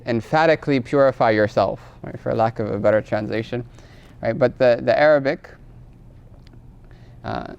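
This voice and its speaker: Male lecturer, smooth resonant voice, patient teaching manner. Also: medium pitch, lo-fi sound. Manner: tags phrases with a questioning "right?"; explains patiently, quizzes the class. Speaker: teacher of Islamic law. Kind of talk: classroom lecture.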